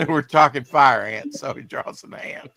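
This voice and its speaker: A man's voice: medium pitch, unhurried, vocal fry, pushed and bright. A man hosting a casual podcast about comics, chatty and rambling, reading promos aloud. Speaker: podcast host.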